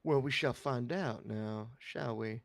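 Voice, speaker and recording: A man's voice: mid-range voice, takes it slowly, creaky, no room sound. A man voicing a huge, muscular, hardworking woman baker who speaks politely and plainly.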